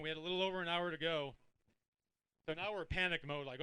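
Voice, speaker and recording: A man's voice: on the high side, fairly even intonation, brisk, pushed and bright, smooth, no room sound, poor audio. A man, a tournament angler, telling what happened on the water in a rambling, casual way. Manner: rambling, with fillers and restarts. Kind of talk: casual storytelling speech.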